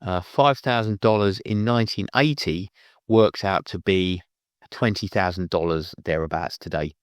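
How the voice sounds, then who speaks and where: A man's voice: low-pitched, normal speed, no room sound, studio quality. A man reviewing a film, retelling the plot in a rambling, casual way with many restarts.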